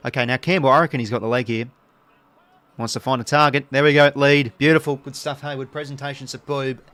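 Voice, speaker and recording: A man's voice: mid-range voice, quick pace. Australian male host, live fan commentary, swings between hyped and frustrated. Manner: excitable fan commentary, groans and cheers. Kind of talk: live football watch-along commentary.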